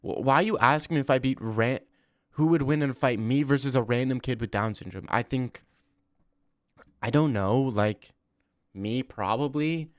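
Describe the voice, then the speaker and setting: A man's voice: mid-range voice, moderate pace, dry recording, clean studio sound. Blunt young man rambling on stream. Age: 20s. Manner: rambling, blunt, swears freely. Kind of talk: casual live-stream chat reading.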